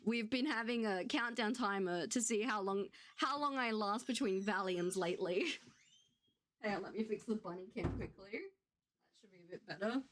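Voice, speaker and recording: A woman's voice: mid-range voice, moderate pace, a little hiss or hum. A woman streamer in casual chat with her viewers, candid and gushing with thanks.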